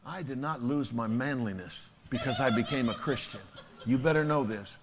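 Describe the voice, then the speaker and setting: A man's voice: mid-range voice, normal speed, in a large hall, noisy background. A man preaching at a church service, telling blunt, emphatic stories with a chuckle. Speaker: pastor. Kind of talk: sermon storytelling.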